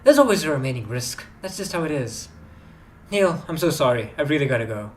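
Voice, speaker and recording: A man reading the lines of an anxious, caring mother in a video game, in a soft, concerned way. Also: a little high, sing-song, a little fast. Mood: worried. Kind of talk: reading game dialogue aloud.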